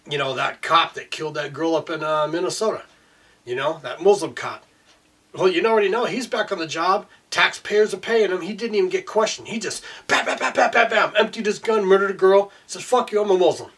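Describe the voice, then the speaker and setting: A man rants in a heated, profane monologue, stumbling through fillers as he goes. His voice is breathy and sits a little high for a man. The mic picks him up from some distance away. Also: fairly bright tone. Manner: heated, profane, full of fillers like "you know". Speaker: video blogger. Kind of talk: angry ranting monologue.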